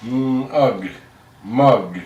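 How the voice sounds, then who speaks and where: A young schoolboy, played by a middle-aged man, sounds out letters one at a time and gives only short, halting replies. He speaks very slowly at a middle pitch. The recording is roomy and picked up from a distance. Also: wildly swooping pitch, lo-fi sound, exaggerated voice. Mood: slow, hesitant. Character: young energetic boy learning to read. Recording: echoey room, distant mic.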